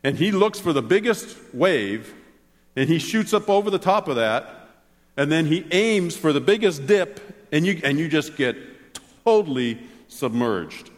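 Male pastor preaching in a church, bouncy upbeat voice, big echo off the hall. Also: a little slow. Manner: animated, swings between excited exclamations and soft low asides. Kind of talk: sermon. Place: church sanctuary. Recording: long hall reverb.

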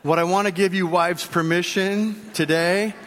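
A man's voice: high-pitched, steady tone, measured pace, fairly bright tone, in a large hall, slight background noise. A male pastor giving a sermon in a conversational, joking way, speaking directly to the congregation.

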